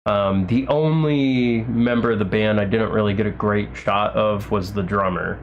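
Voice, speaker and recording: A man's voice: on the low side, moderate pace, lo-fi sound, a little hiss or hum. A man chatting casually on a livestream, rambling with lots of fillers and restarts and gushing with enthusiasm. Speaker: livestream host.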